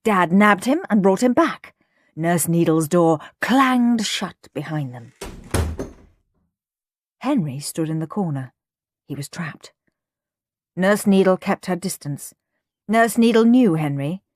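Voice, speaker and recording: A woman narrating a children's storybook aloud in an expressive way, close to a studio mic. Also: fairly low pitch, slow, long pauses. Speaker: audiobook narrator.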